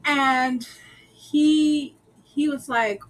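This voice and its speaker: A woman's voice: high voice, fairly even intonation, very slow, rough recording. Chatty woman recapping an episode. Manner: chatty and slangy, full of fillers. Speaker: show recapper.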